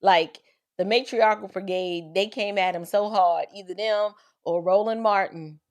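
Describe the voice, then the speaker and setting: A woman's voice: mid-range voice, measured pace. A woman hosting an opinionated commentary vlog, speaking with sarcastic, mocking emphasis. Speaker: commentary host.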